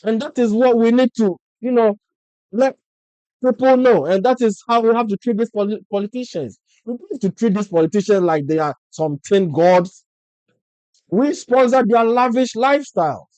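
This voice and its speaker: In this low-quality, dry recording, a male political vlogger from Ghana speaks with a Ghanaian English accent, his passionate monologue driven by one rhetorical question after another. He talks at a normal speed in a high-sitting voice that sounds mellow and clean.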